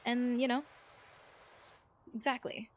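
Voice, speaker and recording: A woman's voice: a little high, flat delivery, takes it slowly, slight background noise. Chatty woman streamer rambling to chat. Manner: rambling, filler-heavy, reads chat aloud. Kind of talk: casual chat while gaming.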